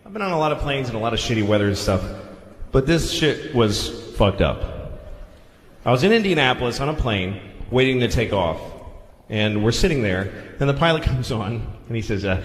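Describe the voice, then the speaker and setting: A man's voice: mid-range voice, big pitch swings, normal speed, echoey room, big-room sound. A man performing a stand-up routine, profane and wry, mimicking a pilot's announcements. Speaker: stand-up comedian.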